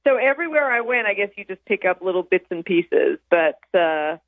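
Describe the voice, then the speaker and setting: A woman's voice: mid-range voice, animated, fairly quick, no echo. Australian woman on a tinny phone line. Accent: Australian with picked-up Texan drawl. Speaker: guest, meat expert. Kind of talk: casual radio interview. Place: calling in by phone.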